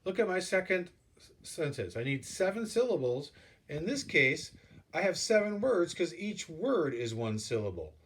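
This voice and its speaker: A man's voice: on the high side, big pitch swings, moderate pace, fairly bright tone. A man teaching a class, explaining step by step in a patient way and counting things out as he repeats the key points. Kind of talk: classroom instruction video.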